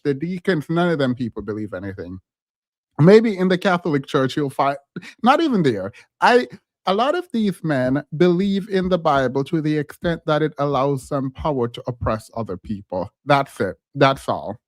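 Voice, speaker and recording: A man's voice: fairly high pitch, no echo, studio quality. A man hosting a stream, reacting to a clip with blunt, sassy commentary. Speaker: host.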